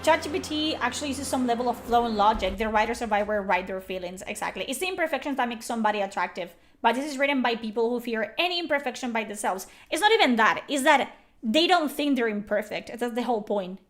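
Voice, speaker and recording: A woman's voice: on the high side, expressive, fast talker. A woman streamer reacting to a game live, blunt, sarcastic and exasperated.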